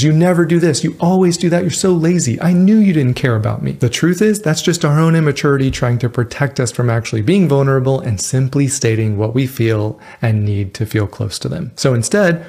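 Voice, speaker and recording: Earnest man with a gravelly edge. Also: mid-range voice, mellow. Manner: earnest, instructive, direct to viewer. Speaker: relationship advice host. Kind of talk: scripted advice talk to camera.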